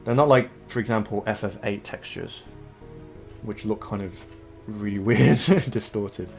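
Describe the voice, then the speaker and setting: A man's voice: fairly low pitch, unhurried, vocal fry, faint music behind. Laid-back English young man streaming a game. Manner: rambling, laid-back, swears and laughs a lot. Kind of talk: let's play commentary.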